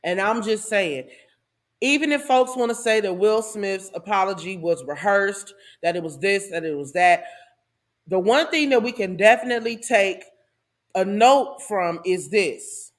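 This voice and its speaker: A woman hosting her channel offers a casual, spirited commentary with a sermonizing edge and asides she laughs through. She speaks at a medium pitch and a measured pace.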